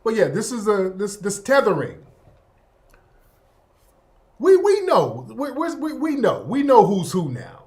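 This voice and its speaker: A man's voice: sits high, huge pitch swings, unhurried, long pauses, a little mellow. A man hosting an online talk show, commenting on video clips in a blunt, mocking, heated way. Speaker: host. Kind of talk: casual commentary over clips.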